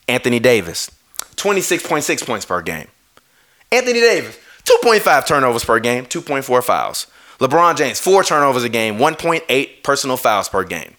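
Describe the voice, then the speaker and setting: A man's voice: medium pitch, sing-song, moderate pace, a bit bright. A man ranting on a live stream, heated and swearing, often breaking off to apologize. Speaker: streamer ranting about basketball.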